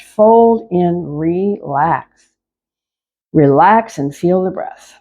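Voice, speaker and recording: A woman leading a chair yoga class, giving calm, repetitive cues to move slowly and breathe. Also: medium pitch, lo-fi sound. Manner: slow, calm, repetitive cueing. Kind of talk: guided exercise class instruction.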